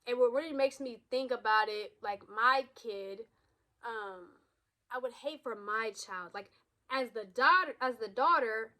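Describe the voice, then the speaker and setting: A woman's voice: fairly high pitch, measured pace, pushed and bright. A woman in her thirties speaking candidly in a personal vlog, raw and emotional, blunt, with frequent swearing and restarts. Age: 30s. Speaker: vlogger.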